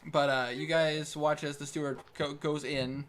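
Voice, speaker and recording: Young male dungeon master, slightly high voice, lively narration with restarts, faint background hiss. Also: normal speed. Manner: animated, laughs often, stumbling restarts. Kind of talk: narrating a tabletop game over voice chat.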